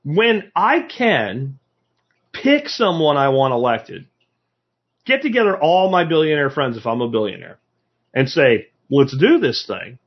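A man's voice: on the high side, very animated, a little slow, muffled recording. A man from the United States giving a casual, opinionated talk to an audience, emphatic and full of rhetorical questions. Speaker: speaker addressing a live audience.

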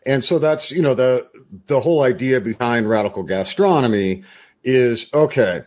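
A man as a podcast guest, explaining his approach in a measured, conversational way. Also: medium pitch, highs cut off.

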